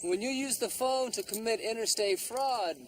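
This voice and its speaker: A man's voice: very high voice, moderate pace, a little hiss or hum. An actor playing an easygoing male detective who is friendly but firm, in a TV drama. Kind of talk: TV drama acting.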